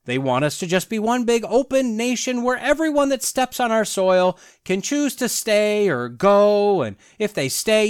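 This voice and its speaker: A man's voice: high voice, clear, resonant tone, no echo, studio quality. A man hosting a podcast, delivering a sarcastic political commentary monologue full of wry asides. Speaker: podcast host.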